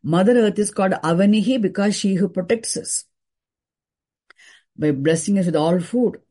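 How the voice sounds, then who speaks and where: A woman teaching a scripture class, explaining terms deliberately and repeating key words for emphasis. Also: medium pitch, mellow.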